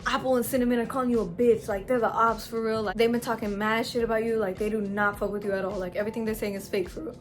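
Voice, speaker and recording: A woman acting out a slangy fifth-grade boy spilling gossip at a rapid clip, his voice pitched a bit high. Faint music plays underneath. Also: steady tone, natural voice. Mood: gossipy. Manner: rapid, slang-heavy tattling.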